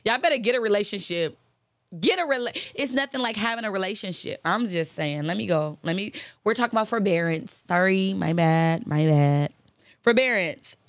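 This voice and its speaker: A woman's voice: mid-range voice, animated, moderate pace, no echo. A woman hosting a casual faith-based talk on forgiveness, chatty and emphatic, repeating phrases for emphasis and breaking into preachy asides. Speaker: host.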